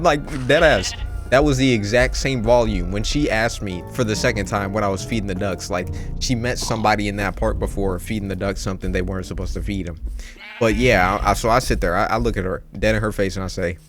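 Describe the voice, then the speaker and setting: Low-voiced young dude telling a story over gameplay, slangy, swears a lot, game music going. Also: male voice, a little fast. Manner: animated, slangy, swears freely. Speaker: gaming youtuber.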